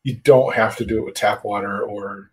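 A man's voice: lowish voice, steady tone, normal speed, a little mellow, rough recording. A man chatting casually on a podcast about home brewing, rambling with lots of fillers and casual swearing. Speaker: podcast co-host.

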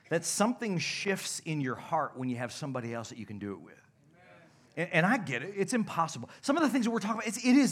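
A young adult male pastor preaching a sermon, telling stories animatedly and dropping to a hush at points. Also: fairly high pitch, husky. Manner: animated, shouts and laughs in stories, drops to a hush. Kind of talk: sermon with storytelling. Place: church sanctuary.

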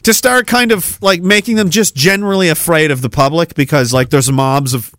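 A male podcast host rants in a sarcastic, mocking tone and laughs at his own jokes. His voice sits a little high. The recording is dry and close. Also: brisk, a bit bright, no room sound. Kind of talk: casual ranting commentary.

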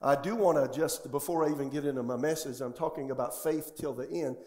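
A man's voice: a little high, a little fast, darkish tone. A male pastor preaching a sermon in a church sanctuary, often putting questions to the congregation. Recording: echoey church room.

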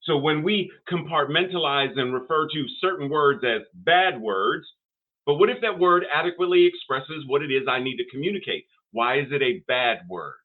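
An older man, a minister, preaching a sermon in a preacherly way, with rising emphatic phrases and pauses. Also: a little high, expressive. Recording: tinny phone-like sound.

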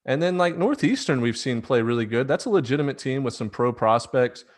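A man's voice: mid-range voice, animated, a little fast. A man hosting a casual sports podcast, talking in a rambling way full of fillers and often laughing. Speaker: podcast host.

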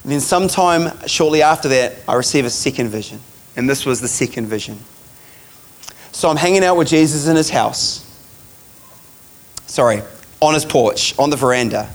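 A man's voice: mid-range voice, lively intonation, normal speed, long pauses. A man preaching a sermon, telling a vision story in a casual, chatty way and laughing along.

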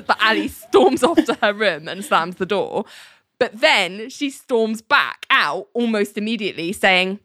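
A woman's voice: mid-range voice, normal speed, no echo, clean studio sound. A woman casually recapping a TV episode, acting out the characters' lines and laughing often. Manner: animated, acts out quotes, laughs often. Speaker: podcast co-host recapping a TV episode.

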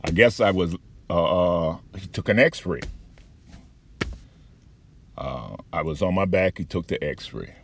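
A man giving a candid, profane personal account with halting restarts and frequent fillers. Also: sits low, a little hiss or hum. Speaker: patient recounting an experience.

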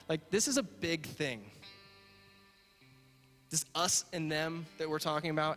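A man's voice: fairly high pitch, fairly even intonation, unhurried, pauses often. A man preaching as a pastor, earnest and repetitive, building to emphatic points and closing in prayer. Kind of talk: sermon. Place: church sanctuary. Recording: reverberant hall with soft guitar.

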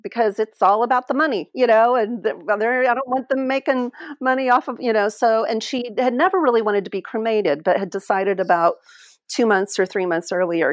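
A middle-aged woman telling a personal story as an interview guest, heartfelt and halting, often restarting her sentences. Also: fairly high pitch, dry recording, clean studio sound. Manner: halting, heartfelt, many restarts and trailing phrases. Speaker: interview guest, end-of-life caregiver.

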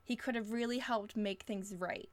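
A woman's voice: a little high, fairly even intonation, normal speed, no echo. A young woman co-hosting a podcast in casual chat, rambling with many restarts and fillers. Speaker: podcast co-host.

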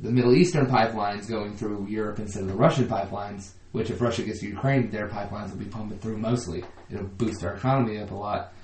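A man's voice: lowish voice, steady tone, fast, few pauses, darkish tone, a little hiss or hum. A man co-hosting a comedy podcast, rambling through casual chat and laughing often. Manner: rambling, laughs often, restarts mid-sentence. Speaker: podcast co-host. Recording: roomy echo.

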